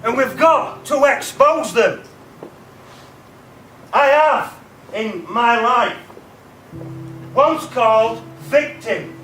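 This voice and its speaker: A man's voice: very high voice, takes it slowly, long pauses. A man with a stammer giving an emphatic motivational talk to students, repeating key words. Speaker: keynote speaker. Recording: roomy, distant mic, faint music.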